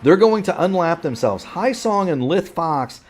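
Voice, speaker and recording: Fighting off hiccups, a play-by-play commentator calls a sim racing broadcast, rambling and correcting himself along the way. He speaks expressively at a measured pace in a voice on the high side.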